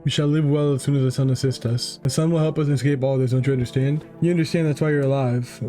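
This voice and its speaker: A man's voice: mid-range voice, fairly even intonation, quick pace, warm tone, soft background music, natural voice. A man voicing a zealous male sun-worshipping preacher in a horror game, fervent and preachy.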